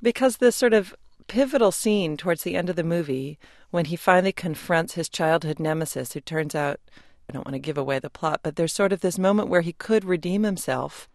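A radio interviewer narrating scripted introductions and asking questions with a crisp, wry delivery. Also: medium pitch, a little fast, dry recording, studio quality.

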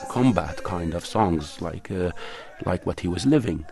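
With a crowd audible behind him, a man with a low, animated voice talks unhurriedly in an interview about being a documentary film producer and cinematographer. His answers are earnest and thoughtful, and he often searches for words.

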